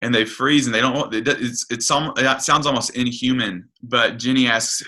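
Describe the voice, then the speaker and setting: A man's voice: mid-range voice, fairly even intonation, moderate pace, hardly any pauses, sharp tone. A man giving a conversational sermon, earnest and retelling a story with frequent restarts and hesitations. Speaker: preacher.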